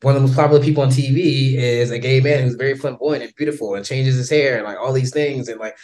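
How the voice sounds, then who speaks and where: This American man talks with an American accent at a middle pitch, chatting casually as a podcast guest. He is animated and laughs often, with plenty of "um" and "like" as he goes. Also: fast talker. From United States. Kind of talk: casual interview chat.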